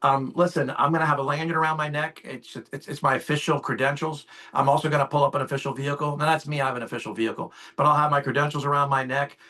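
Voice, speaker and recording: Man, 50s, sales agent on a call: fired-up, emphatic, fairly high voice. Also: fast talker, few pauses. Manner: animated, acts out both sides of client calls. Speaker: insurance sales agent sharing tips. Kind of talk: casual call talk. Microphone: call audio.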